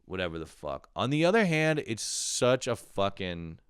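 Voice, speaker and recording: A young man rants through a casual comedic monologue, rambling, profane and exasperated. His voice sits low and comes across smooth and resonant. The sound is close and dry, with almost no room on it. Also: sing-song, normal speed, no room sound. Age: young adult. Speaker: comedian podcast host.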